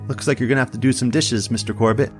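A man's voice: medium pitch, fairly even intonation, fast talker, soft background music, pitched above the performer's own voice, lightly acted. A man voicing a sassy diner waitress. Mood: matter-of-fact. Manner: teasing, matter-of-fact.

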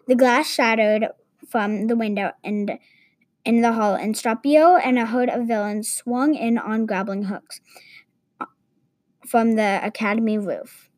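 A woman narrates a story aloud in a slow, deliberate way. Her voice sits a little high. The sound is dry and close to the mic. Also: fairly even intonation, darkish tone, no echo.

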